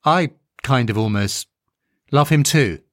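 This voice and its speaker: A man's voice: mid-range voice, lively intonation, slow, a bit bright, no echo, studio quality. A man reading a blunt, foul-mouthed woman. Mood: fond. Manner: plain-spoken, swears freely. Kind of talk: audiobook character reading.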